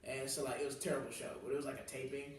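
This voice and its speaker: A man's voice: medium pitch, flat delivery, rapid-fire, slight background noise. A young man from the Southern US, a comedian hosting a casual chat, telling stories full of slang and laughs. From Southern US, New Orleans. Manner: laughing storyteller, loose slang. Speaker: comedian host. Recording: echoey room, distant mic.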